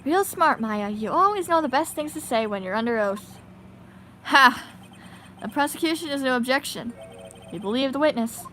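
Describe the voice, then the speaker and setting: A woman's voice: sits high, lively intonation, normal speed, pushed and bright, slight background noise. A woman voicing a cool, cocky male prosecutor from a game, reading his lines in a smug, teasing drawl. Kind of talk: reading game dialogue aloud.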